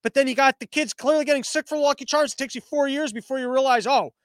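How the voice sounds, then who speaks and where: A man with a notably high speaking voice rants as a podcast host, sarcastic and foul-mouthed as he mocks his targets. The sound is dry and close, with no room echo. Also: steady tone, fast talker. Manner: sarcastic, profane, mocking. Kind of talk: political commentary rant.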